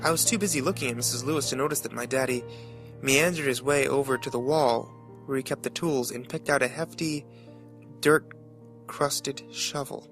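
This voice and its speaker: A man narrating a horror story in a measured, dramatic way. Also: medium pitch, over music.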